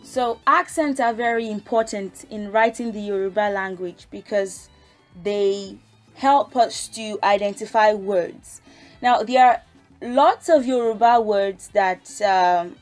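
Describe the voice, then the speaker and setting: A woman teaches a language lesson, speaking slowly and carefully. She recites the letters one by one and then explains them in a relaxed, chatty way. Her pitch sits in a middle range, and faint music plays behind her. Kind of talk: casual spoken lesson.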